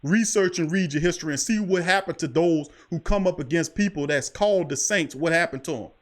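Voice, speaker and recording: High-voiced man preaching sports talk. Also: fairly quick. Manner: preachy, emphatic, repeats "I'm telling you". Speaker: podcast host.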